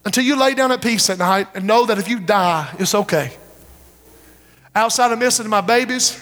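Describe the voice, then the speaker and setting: A man's voice: high-pitched, fairly bright tone. A man preaching a revival sermon in a church, pleading and repeating his calls to step forward. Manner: impassioned, repetitive pleading calls. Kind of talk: revival sermon with altar call. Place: church sanctuary. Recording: long reverb of a church hall.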